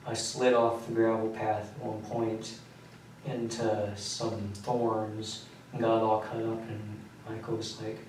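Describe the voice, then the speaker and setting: A man in his late teens, tired and worn out, recounting events in a halting, rambling way while being questioned by police. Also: lowish voice, a little mellow, a little hiss or hum. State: exhausted. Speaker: suspect under questioning. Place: police interrogation room. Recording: echoey room, mic far off.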